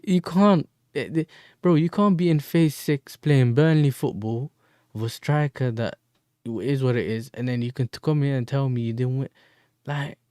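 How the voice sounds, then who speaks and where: A man's voice: mid-range voice, warm tone, no echo, clean studio sound. A man hosting a football fan livestream, bantering in slang and answering chat messages. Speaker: football fan channel host.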